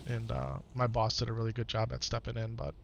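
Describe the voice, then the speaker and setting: Gravelly man streaming, earnest and reflective. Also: medium pitch, monotone, quick pace, slight background noise. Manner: earnest, reflective, repeats phrases for emphasis. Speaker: live streamer. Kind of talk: casual chat to stream viewers.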